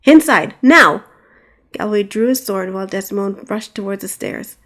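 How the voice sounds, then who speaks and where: A woman narrating her own fantasy audiobook with expressive storytelling. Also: medium pitch, brisk. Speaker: author and narrator.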